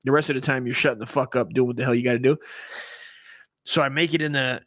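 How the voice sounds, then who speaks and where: A man's voice: medium pitch, steady tone, quick pace, a bit bright. Male podcast host, loose and profane, rambles through stories with plenty of fillers. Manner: earnest when he gets serious. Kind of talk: casual storytelling.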